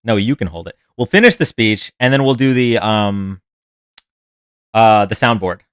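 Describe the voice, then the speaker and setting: On a dry recording, a man with a smooth, expressive voice on the low side hosts a live stream at a normal speed. He chats casually and ramblingly with viewers, reacting to what they comment.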